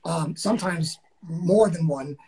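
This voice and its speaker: A man's voice: fairly high pitch, a little mellow, breathy edge, rough recording. A man who made the show, talking casually and enthusiastically on a podcast, often restarting his sentences. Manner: enthusiastic, halting with many restarts. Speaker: show creator guest.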